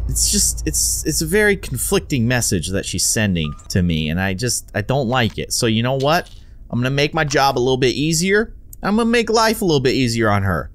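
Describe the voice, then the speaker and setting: Young guy playing a game and joking around, super lively voice, keeps restarting his words. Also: medium pitch, moderate pace, faint music behind. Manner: playful, self-amused, chatty with repeated restarts. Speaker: gaming video host. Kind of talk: let's play commentary.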